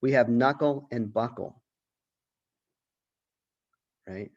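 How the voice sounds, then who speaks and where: A college literature professor speaks slowly in a medium-pitched voice during a recorded lecture with lo-fi sound. He thinks aloud, restarting sentences and posing questions.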